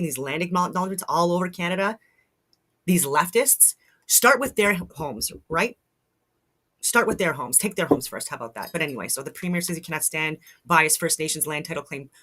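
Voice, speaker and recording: A woman's voice: deep voice, fairly bright tone. A woman vlogger at home giving blunt, fired-up commentary, swearing and rambling with restarts. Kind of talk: casual commentary to camera. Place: at home in a log house.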